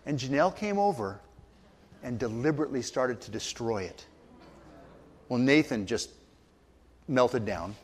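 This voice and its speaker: A man's voice: medium pitch, animated, unhurried, long pauses, big-room sound. An older man preaching a sermon, telling family stories and acting out the voices of people in them. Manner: storytelling, acts out voices in quotes. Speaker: pastor.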